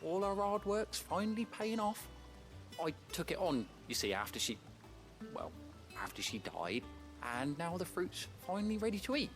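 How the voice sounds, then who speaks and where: An actor voicing a warm-hearted, slightly hesitant man who tends the hideaway's fruit tree. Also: sits high, big pitch swings, normal speed. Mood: earnest. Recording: game audio with clear music.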